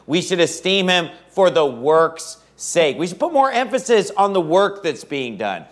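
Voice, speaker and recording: A man's voice: sits high, big pitch swings, a little slow. A man preaching a sermon, reading scripture aloud and emphatically repeating his key points.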